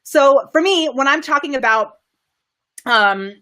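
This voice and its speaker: Bubbly, higher-pitched woman coach. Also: expressive, a little slow, bright, forceful tone. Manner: bubbly, enthusiastic, laughs often, reads viewer comments aloud; varies pitch and volume to demonstrate delivery tactics. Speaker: on-camera presentation coach. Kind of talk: live-stream teaching. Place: home studio, live video stream.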